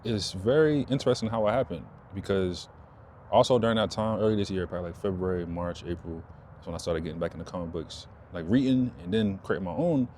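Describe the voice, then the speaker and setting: A man talking casually to his audience outdoors, rambling and repeating himself, perking up when excited. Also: low-pitched, fast, a little hiss or hum. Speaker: vlogger. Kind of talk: casual talk to camera.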